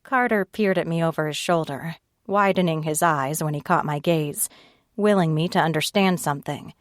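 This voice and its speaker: A woman narrating an audiobook in first person, reading at a slow, steady pace and raising her pitch for the other characters' lines. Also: no echo, studio quality, natural voice. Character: tearful frightened young woman narrator, Ivy.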